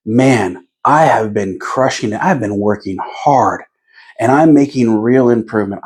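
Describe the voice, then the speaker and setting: A man's voice: mid-range voice, darkish tone. Man giving candid, encouraging self-talk. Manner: reflective and encouraging, thinks aloud. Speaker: vlogger. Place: his office.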